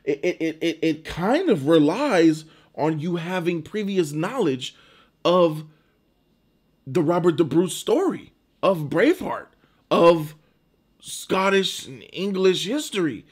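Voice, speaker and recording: A man's voice: fairly high pitch, expressive, slow pace, darkish tone, slightly rough. A man giving a casual, emphatic movie review, informal and often restarting his words.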